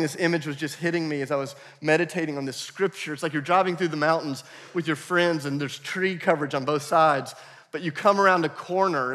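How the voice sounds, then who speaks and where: A man preaching a sermon as pastor, animated and playful, with asides to the congregation. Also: a little high. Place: church hall. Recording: long reverb of a church hall.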